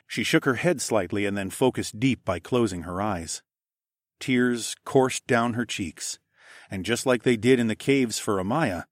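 A man narrating a first-person novel, measured and steady. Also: on the low side, no echo, studio quality. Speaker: audiobook narrator.

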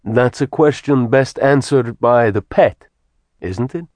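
A man's voice: medium pitch, slow pace, a little mellow, no room sound, pitched above the performer's own voice, lightly acted. A man voicing an arrogant demon lord. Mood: cold gloating. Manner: cold, gloating threats.

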